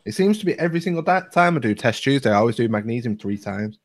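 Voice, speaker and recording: A man's voice: medium pitch, lively intonation, fast. A man hosting a casual live-stream chat, joking and laughing as he goes. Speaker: host.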